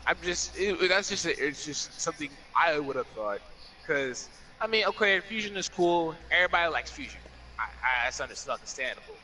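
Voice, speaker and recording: A man's voice: fairly high pitch, lively intonation, a little fast, sharp tone. A man co-hosting a podcast in casual chat, arguing heatedly, swearing often and restarting his sentences. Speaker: podcast co-host.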